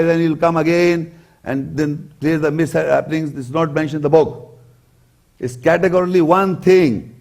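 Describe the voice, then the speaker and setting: A male preacher giving a religious lecture, his voice sitting a little higher than most men's. He speaks slowly and with emphasis, stopping to repeat the points he wants remembered. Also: darkish tone. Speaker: Islamic preacher. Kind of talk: religious lecture explaining scripture.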